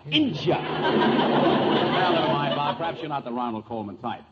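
A jovial man hosts a 1940s radio comedy, his fairly high voice bouncing up and down. He is quick to laugh. The broadcast sounds dull and old, with faint hiss. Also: expressive. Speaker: comedy show host.

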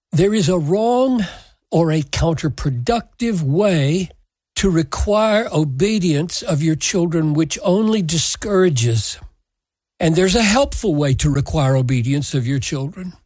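A man teaching from the Bible, speaking in a measured, emphatic and deliberate way. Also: high voice, darkish tone, no echo.

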